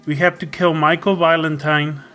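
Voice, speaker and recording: A player in a tabletop role-play game who speaks haltingly with many pauses and fillers. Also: mid-range voice, flat delivery, bright, forceful tone, soft background music.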